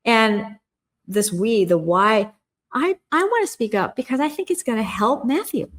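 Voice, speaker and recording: A woman's voice: fairly high pitch, animated, a little slow, a bit bright. Earnest, emphatic woman coaching. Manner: earnest and emphatic, acts out quoted inner voices. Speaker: guest, communication coach. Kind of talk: podcast interview.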